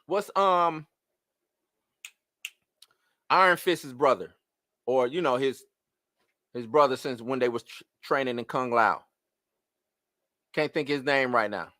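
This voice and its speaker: Live-stream host, man, bright high voice, exasperated rhetorical rant, dry close sound. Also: slow pace, pauses often, no echo. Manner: animated, rhetorical questions, exasperated. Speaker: host of a live movie-news show. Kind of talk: casual live-stream commentary.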